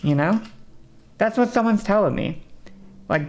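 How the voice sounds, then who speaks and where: A woman's voice: medium pitch, animated, a little slow, a little mellow. A woman streamer talking casually and swearing freely, often adding "you know" as she chats with her viewers. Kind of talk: casual livestream chat.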